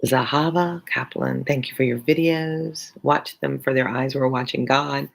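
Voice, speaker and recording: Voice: medium pitch, steady tone, measured pace, creaky, rough recording. A teacher reading a novel aloud on a live stream, breaking off for chatty asides to viewers. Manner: chatty asides between passages.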